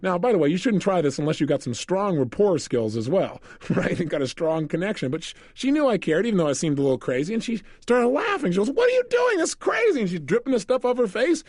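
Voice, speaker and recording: Male motivational speaker, quick and lively, acts out his stories. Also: sits high, no room sound, clean studio sound. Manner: animated storyteller, acts out scenes. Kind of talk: motivational seminar talk.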